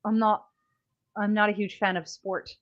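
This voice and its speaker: A woman's voice: medium pitch, flat delivery, normal speed, lo-fi sound. A Canadian woman co-hosting a podcast, chatting casually in a rambling, self-deprecating way. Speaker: podcast co-host. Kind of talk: casual chat.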